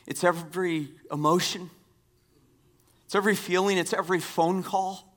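A pastor giving a sermon, repeating key phrases and dropping from strong emphasis to near-whispers. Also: male voice, sits high, steady tone, normal speed. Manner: dynamic swings from loud emphasis to hushed near-whispers.

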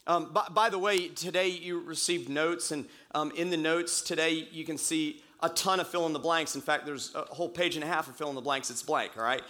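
A pastor recovering from a cold, preaching a conversational sermon in church and repeating key phrases slowly for emphasis. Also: male voice, fairly high pitch, fairly even intonation, bright, forceful tone.

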